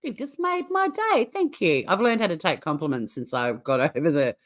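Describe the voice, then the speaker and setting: A middle-aged Australian woman hosts a loose livestream, her voice sitting a little low for a woman. She talks bluntly, swears without a second thought and laughs her way through her remarks. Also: lively intonation, normal speed. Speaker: livestream host. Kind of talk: casual livestream chat reacting to a clip.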